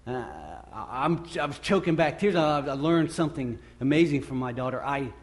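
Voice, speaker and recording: Earnest man preaching, slightly high voice. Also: moderate pace. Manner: earnest and conversational, repeats phrases for emphasis. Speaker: pastor. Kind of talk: sermon.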